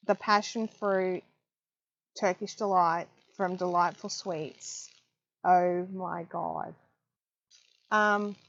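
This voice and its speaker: A woman's voice: medium pitch, muffled recording. A woman hosting a casual craft live stream, chatting loosely and reading viewer comments aloud with frequent ums. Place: home craft room.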